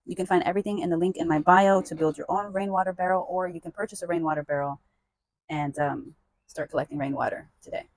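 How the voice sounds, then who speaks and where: A woman's voice: on the low side, fairly even intonation, fast talker, dry recording, poor audio. A young woman vlogging outdoors by a rain barrel, talking dramatically and exasperatedly to herself and the camera. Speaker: plant vlogger. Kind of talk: casual vlog talk to camera.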